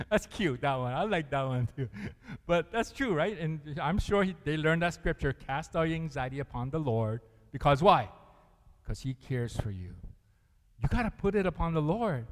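A man's voice: on the high side, lively intonation, moderate pace. A man preaching a sermon as pastor, earnest, often laughing and putting questions to the congregation. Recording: long reverb of a large hall.

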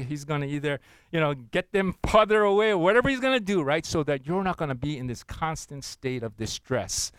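A man, a pastor preaching a sermon, earnest and gentle, with soft intimate passages and loud slow scripture readings. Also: fairly high pitch, clear, resonant tone, no room sound, poor audio.

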